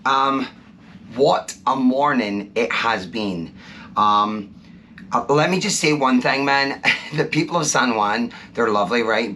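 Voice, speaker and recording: A man's voice: medium pitch, bright, forceful tone. A Scottish man chatting to camera in a casual vlog, enthusiastic and rambling with plenty of fillers. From Scotland. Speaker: vlogger. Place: out and about, then indoors in a cabin. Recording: noisy background.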